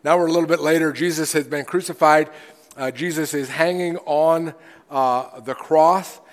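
Pastor guy giving a sermon, kinda high voice, keeps going "and, and", big echoey church reverb. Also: steady tone, moderate pace. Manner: earnest, repeats words on restarts, swings between loud and quiet.

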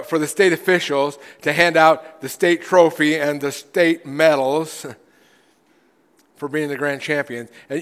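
Male pastor preaching in a reverberant hall. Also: fairly high pitch. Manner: earnest, repeats words on restarts, swings between loud and quiet. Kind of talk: sermon.

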